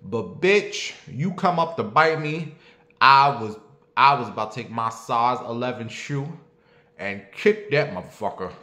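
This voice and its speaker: A man's voice: medium pitch, expressive, unhurried, pushed and bright. A man telling a story in a casual, sassy and profane rant, imitating barking dogs as he goes. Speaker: online commentator. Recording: roomy echo.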